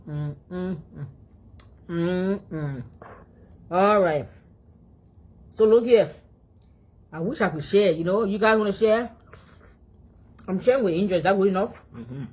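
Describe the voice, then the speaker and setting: A woman's voice: mid-range voice, slow, pauses often, a little mellow, breathy edge. A woman from Africa, chatting casually to her phone and her dog between mouthfuls and humming as she chews. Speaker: vlogger. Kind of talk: casual eating vlog chat.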